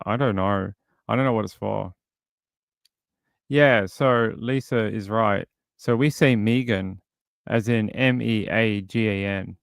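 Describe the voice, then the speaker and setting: A man's voice: fairly low pitch, unhurried, creaky, fairly bright tone, smooth, no room sound, clean studio sound. A man casually commenting on a true crime case during a livestream, reading and answering chat, rambling with lots of fillers. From outside the US. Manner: rambling, many fillers and restarts.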